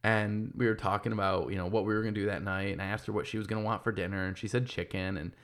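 A man's voice: lowish voice, fairly even intonation, quick pace, a bit bright. A man in his thirties talking casually and candidly, swearing freely and restarting his sentences as he thinks aloud. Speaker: podcast host and business owner. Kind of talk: casual monologue.

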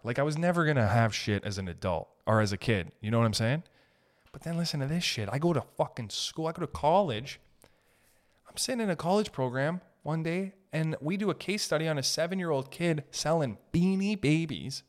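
A man hosting a solo podcast, telling stories in an animated, profane way and laughing as he talks. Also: mid-range voice, moderate pace. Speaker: podcast host.

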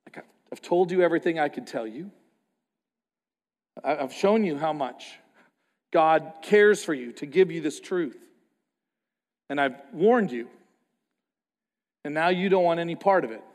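A man preaching a sermon as a pastor, passionate, moving between quiet, reflective stretches and loud outbursts. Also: on the high side, animated, a little slow, pauses often, big-room sound. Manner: passionate, swings from quiet to loud, acts out quoted voices.

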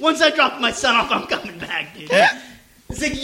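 A man telling a story in casual podcast chat, profane and animated, acting out what people said. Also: very high voice, normal speed, crowd noise. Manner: animated, profane, acts out quotes. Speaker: podcast guest.

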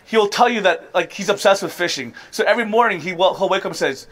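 A man's voice: high voice, lively intonation, fast talker, few pauses, a bit bright. A man in his thirties preaching a sermon as a pastor, earnest and building to impassioned appeals.

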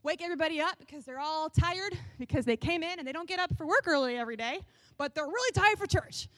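High-voiced sarcastic woman worship leader. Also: fast, dry recording. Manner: animated and sarcastic, bursts into shouts and sung snippets. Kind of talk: comedic sketch on worship styles.

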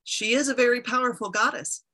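A wise old god of the waters in a told myth, slow and measured, with a bright but husky storyteller's tone, as a woman puts him on. He weighs each word. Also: a little high, pitched above the performer's own voice, rough recording. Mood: grave. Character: wise male water god, grave and deliberate.

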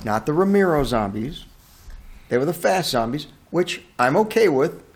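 A man with a fairly high voice hosts a casual movie-review podcast. He rants in an animated, incredulous way and swears freely. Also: normal speed. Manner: animated, profane, incredulous ranting.

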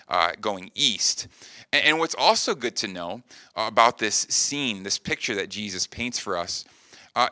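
A man's voice: lowish voice, pushed and bright, smooth, no room sound. A man preaching a sermon in an earnest, conversational way, often checking in with the listeners. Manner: earnest, conversational preaching with frequent "right?" asides. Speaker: pastor.

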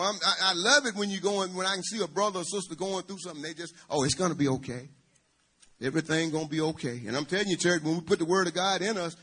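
Husky preacher man calling to his church. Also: sits high, fairly bright tone. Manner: call-and-response, calling out to the congregation. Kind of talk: church sermon.

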